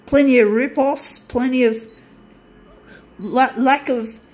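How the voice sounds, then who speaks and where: A woman's voice: sits high, steady tone, takes it slowly, darkish tone, poor audio. A woman with an Australian accent who grumbles sarcastically and swears freely in a casual ranting monologue, talking to her viewers over a copier. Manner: profane, sarcastic griping. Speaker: vlogger. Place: room with a running copier.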